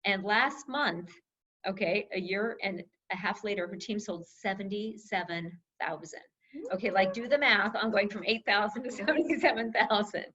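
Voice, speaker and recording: Husky woman hosting an online call. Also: mid-range voice, moderate pace, fairly bright tone. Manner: enthusiastic, laughs often, reads out numbers. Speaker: team leader hosting a coaching call. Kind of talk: upbeat online team call. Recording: slightly dull, lo-fi call audio.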